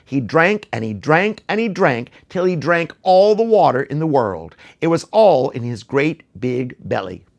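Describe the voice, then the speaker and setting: A man's voice: fairly high pitch, big pitch swings, a little slow, hardly any pauses. A man telling a folk tale to children, playful and theatrical, speaking straight to the audience. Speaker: children's storyteller. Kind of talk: animated storytelling for children.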